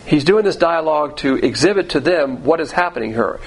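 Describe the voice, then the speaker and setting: A man's voice: fairly high pitch, lively intonation, fairly quick, creaky, husky, poor audio. Man teaching Bible verses, chatty. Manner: conversational, repeats phrases, restarts sentences.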